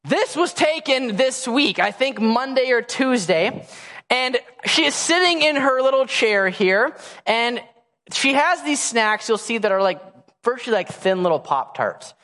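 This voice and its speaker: A man's voice: very high voice, lively intonation, unhurried, pushed and bright. A pastor in his thirties preaching a sermon to a congregation, telling family stories in a playful, self-mocking way and acting out his children's demands. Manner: acts out a baby's and a toddler's demands. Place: church hall before a congregation. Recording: long church hall reverb.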